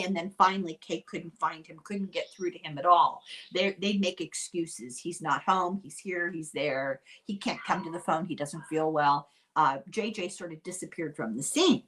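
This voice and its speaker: An older woman hosting a podcast, telling a true-crime story in a chatty, unhurried way with dry asides. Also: medium pitch, a bit bright. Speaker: podcast host.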